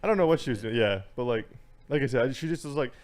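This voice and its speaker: Young man venting in halting bursts. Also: medium pitch, lively intonation, a little mellow. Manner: halting, many restarts, gets worked up when venting. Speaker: podcast guest. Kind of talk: casual chat.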